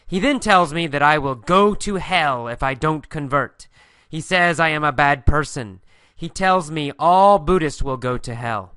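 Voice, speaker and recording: Guy teaching english with a little story, asks questions then answers them, bright crisp voice, fairly high. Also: dry recording, studio quality. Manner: repeats key words slowly for learners. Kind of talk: mini story lesson.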